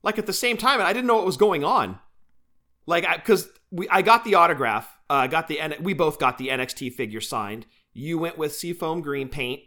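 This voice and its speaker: Bright, chatty young man co-hosting. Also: fairly high pitch, normal speed. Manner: chatty, playful, animated storyteller. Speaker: podcast co-host. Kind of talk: casual chat.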